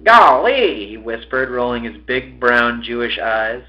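A man reads a novel aloud in an expressive, mid-pitched voice and curses casually when he stumbles. The audio is slightly muffled. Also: measured pace. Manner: expressive reading, breaks off to swear at his own slips. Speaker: podcast host reading a novel.

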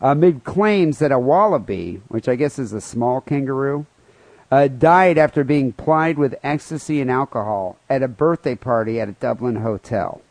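A man's voice: mid-range voice, animated, moderate pace, a little mellow, no echo. A man co-hosting a comedy podcast, telling a news story in crude, profane banter with mock outrage. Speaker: podcast co-host.

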